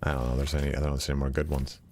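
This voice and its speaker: A man's voice: rumbling low, level tone, very fast, darkish tone, slight background noise. A young man streaming a video game, chatting casually and sleepily, rambling with lots of "like" and swearing. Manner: rambling, profane, heavy use of "like". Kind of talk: casual live-stream chat while gaming.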